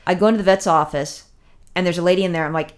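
A woman's voice: fairly low pitch, fairly even intonation, very fast. A woman telling a long personal story in casual chat, rambling with many fillers and restarts, emotional as she recounts it.

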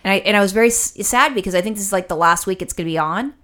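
In casual conversation, a woman with a mid-range voice rattles off a rambling story at rapid-fire speed. She's animated and swears freely, acting out what other people said.

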